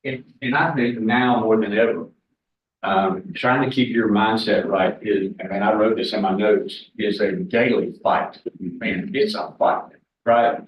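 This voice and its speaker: His voice is lowish and steady, his pace unhurried. A man in his forties addresses a real estate team meeting as a guest, telling candid, folksy stories and joking with his audience, recorded from a distance in an echoey room with dull sound and slight background noise.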